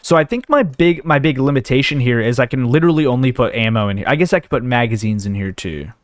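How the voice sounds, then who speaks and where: Recorded in clean studio sound with no echo, a gaming host with an expressive, fast-talking mid-range voice sorts his inventory. He rambles and thinks aloud in casual let's play fashion, hiccuping along the way.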